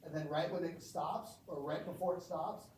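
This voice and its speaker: A man's voice: a little high, fairly even intonation, moderate pace, a little mellow, a little hiss or hum. A man instructing a group in breathwork, explaining and asking the group questions. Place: gym or team room. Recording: echoey room, from far off.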